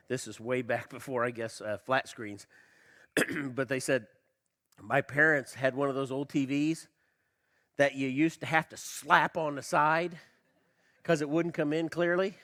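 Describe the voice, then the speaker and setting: Animated bright-voiced male pastor preaching. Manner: animated, swings from loud emphasis to quiet low delivery; asks the congregation questions. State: slight cough, tickle in throat. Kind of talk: sermon. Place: church.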